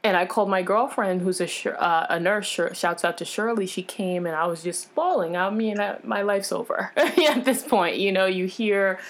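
A woman's voice: medium pitch, normal speed, hardly any pauses. A woman guest in an interview, frankly and emotionally retelling a personal experience in casual talk, full of fillers and restarts. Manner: animated, acts out others' lines in changed voices.

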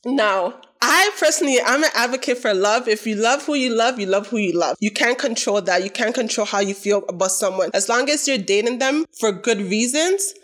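A woman's voice: a little high, brisk, hardly any pauses, fairly bright tone. A woman on a podcast panel in a casual group debate, talking emphatically and repeating her points for stress. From Toronto, Canada.

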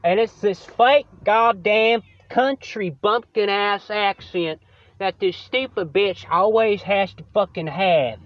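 A man's voice: high-pitched, animated, unhurried, no echo, muffled recording. A man hosting his own podcast, venting about a coworker in a profane, sarcastic solo rant. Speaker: podcast host.

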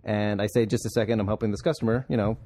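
A man's voice: fairly low pitch, fairly even intonation, very fast, mellow. A young man hosting a casual podcast. He tells a long, rambling story, swears freely and laughs along the way. His talk sounds loose and unscripted. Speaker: podcast host.

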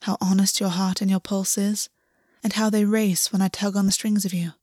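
A woman reading the lines of a gentle, measured male water horse lover, speaking softly and sincerely. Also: medium pitch, little pitch movement, no room sound, clean studio sound, lightly acted. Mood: tender. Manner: soft, careful and sincere.

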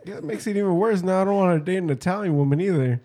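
A man's voice: sits high, rapid-fire, dark tone. A man in casual crude banter, swearing freely and laughing between mocking impressions.

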